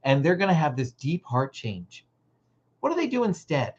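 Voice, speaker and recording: Over a muffled recording, a Christian parenting coach leads a livestream for parents, acting out brief dialogues with animated energy. The mid-range voice has a breathy edge and moves at a moderate pace.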